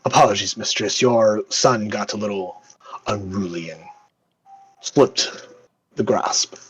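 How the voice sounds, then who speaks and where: A man's voice: lowish voice, slow, slight background noise, voice pushed down, rough recording. A man voicing a polite male servant to a vampire household, formal and fussy in his speech. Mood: prim.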